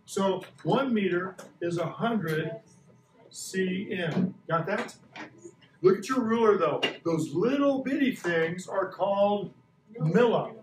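Brief: sixties male teacher, playful quizzer, fairly high voice, echoey classroom mic from a distance. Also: animated, slow pace, background noise. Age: 60s. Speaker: science teacher. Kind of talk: classroom lesson. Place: school classroom.

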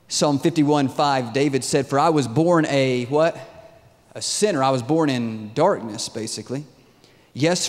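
A man in his thirties preaching a sermon in a lively, conversational way, often asking his audience questions. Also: mid-range voice. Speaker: pastor. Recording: long reverb in a large hall.

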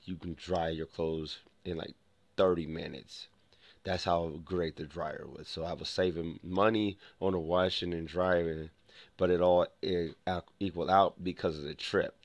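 Low-voiced man rambling through a story. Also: dry recording. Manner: rambling, full of restarts and quoted dialogue. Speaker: vlogger. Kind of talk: casual storytelling to camera.

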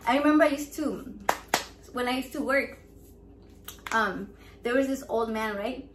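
Here a bilingual woman vlogger hosting a raffle talks loudly and playfully, swearing freely and mixing English with Spanish. Her voice is a little high and a little slow, and the echoey room carries faint background noise.

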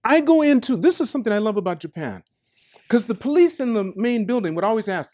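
An older man from the United States telling stories in a lively staff talk, moving between quiet asides and loud outbursts and laughing often. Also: high voice, fairly quick. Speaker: company staff talk speaker. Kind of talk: animated storytelling talk. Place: meeting room with staff.

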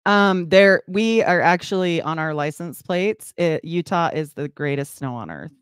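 Laughing woman in her forties, lowish voice. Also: lively intonation, a little slow, clear, resonant tone, no room sound, studio quality. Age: 40s. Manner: laughing, self-mocking storyteller. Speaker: podcast guest. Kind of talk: casual chat. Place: home, Utah.

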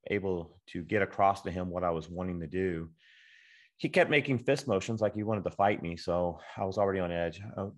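Low-voiced man giving a casual photography talk. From Texas. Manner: conversational, acts out sample dialogue, many fillers. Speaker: guest speaker, photographer.

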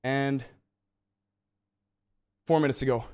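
A young man hosting a casual gaming livestream from home, talking to viewers in an excitable, slangy way full of "bro" and "man". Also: medium pitch, slow, background noise.

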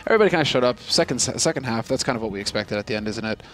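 A man's voice: mid-range voice, animated, very fast, a bit bright. Casual male esports analyst. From Canada. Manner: casual, analytical, laughs easily. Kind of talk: colour commentary.

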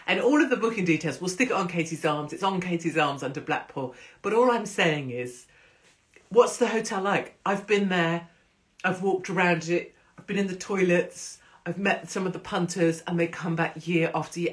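A woman hosting a casual livestream, chatty and rambling, swearing freely. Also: low-pitched. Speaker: host.

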